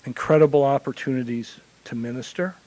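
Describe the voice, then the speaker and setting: A man from Illinois who works as a hospital chaplain, telling lively stories to a forum audience. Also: medium pitch, a little fast, dry recording, rough recording. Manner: animated anecdotal storytelling. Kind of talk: conference panel storytelling.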